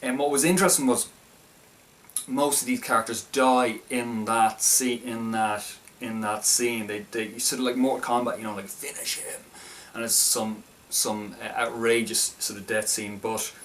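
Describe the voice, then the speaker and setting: A man's voice: medium pitch, fairly even intonation, moderate pace, a bit bright, far from the mic, a little hiss or hum. A man casually reviewing a film, talking in a hesitant, stop-start way with many restarts.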